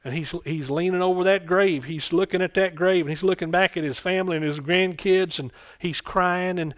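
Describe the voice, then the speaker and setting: Fervent preacher man, raised pitch. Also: fairly even intonation, moderate pace. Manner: fervent, calls out for amens, swings between soft asides and loud bursts. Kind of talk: sermon.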